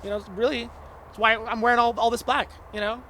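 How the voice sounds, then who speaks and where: A man, a stand-up comedian guest, talking in a halting, deadpan, sarcastic way in casual chat. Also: very high-pitched, slight background noise.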